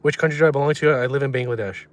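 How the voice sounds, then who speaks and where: Young male streamer with a mid-pitched voice, deadpan and trolling, chatting casually with viewers from a car. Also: rapid-fire. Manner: reads chat aloud and answers in a deadpan, trolling way. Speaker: livestreamer. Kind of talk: casual livestream chat.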